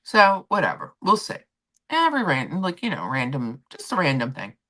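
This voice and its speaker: A middle-aged woman hosting a relaxed chat stream, her voice low but swinging widely in pitch. She tells her story in a loose, chatty way, acting out what everyone said. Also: normal speed. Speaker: stream host. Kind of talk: casual chat.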